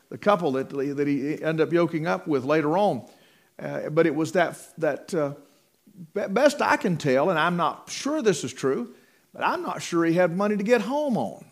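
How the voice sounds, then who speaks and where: A man preaching a sermon in a folksy, rambling way, with many fillers and restarts. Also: a little high.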